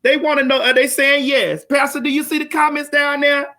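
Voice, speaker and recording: A woman hosting a live-streamed comedy talk show, loud, brash and profane, hollering at her audience. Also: high-pitched, level tone, a little fast. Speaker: host.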